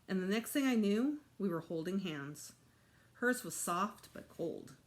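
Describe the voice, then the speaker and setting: A woman teacher reading a children's chapter book aloud to her students in an expressive way. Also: medium pitch, measured pace. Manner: expressive, animated.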